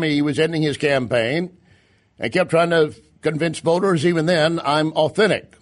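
Sarcastic male political commentator, fairly high voice. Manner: sarcastic, emphatic, with stumbles and restarts. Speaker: talk show host. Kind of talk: opinion commentary.

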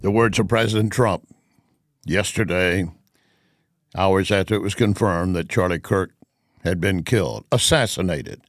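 A middle-aged man hosting a talk radio show, speaking in an earnest, emphatic, measured way. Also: low voice, fairly even intonation, dry recording, clean studio sound.

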